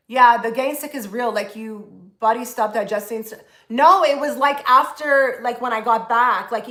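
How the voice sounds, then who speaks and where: A woman's voice: on the high side, a bit bright, reverberant. A woman chatting casually on a live stream, rambling with many fillers and restarts. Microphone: phone.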